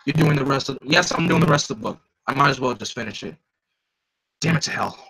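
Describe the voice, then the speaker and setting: A man's voice: mid-range voice, expressive, quick pace, creaky, sharp tone, breathy edge, rough recording. A man reading a comic aloud live, chatty, stopping often to comment and joke. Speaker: reader.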